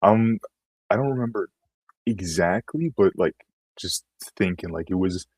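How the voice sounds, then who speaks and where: Male guest, very low and husky, loose rambling delivery, dry sound. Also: expressive, a little slow, a little mellow, no room sound, low-quality recording. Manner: rambling, trailing storytelling. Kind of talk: casual conversation.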